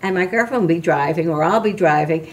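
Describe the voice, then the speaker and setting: A woman's voice: on the low side, fast. An older woman, a guest on a talk show, chatting and telling her story in a candid, storytelling way. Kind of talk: casual chat.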